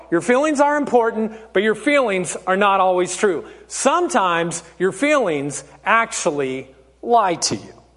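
A man preaching a sermon as pastor, slow and emphatic, calling his listeners folks. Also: sits high, a bit bright, in a large hall. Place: church.

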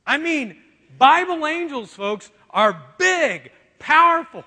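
A man with a very high, bright, forceful voice preaches a lively sermon, joking and acting out little quotes along the way. His voice rings out with the long reverb of a large hall. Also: slow. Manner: animated, joking, acts out quotes. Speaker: pastor.

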